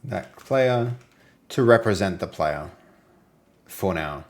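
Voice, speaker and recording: An Australian man hosting a live game-development stream, chatting casually and playfully with viewers and sometimes trailing off into low mutters as he reads and works. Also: lively intonation, slow. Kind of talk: casual live-stream chat while coding.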